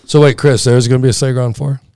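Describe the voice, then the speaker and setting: A middle-aged man, a father and podcast guest, telling stories in a lively, laughing way during a casual chat. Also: mid-range voice, fast, no echo, clean studio sound. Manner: animated, laughing storyteller.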